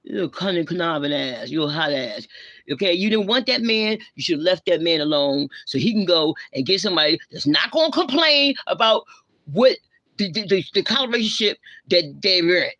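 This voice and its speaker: A woman rants on her livestream, lecturing and scolding in blunt street slang. Her voice is sharp and forceful, and the sound is dry and close with no room echo. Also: lowish voice, animated, fairly quick, muffled recording. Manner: blunt, confrontational, heavy slang. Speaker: livestream host. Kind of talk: ranting live commentary.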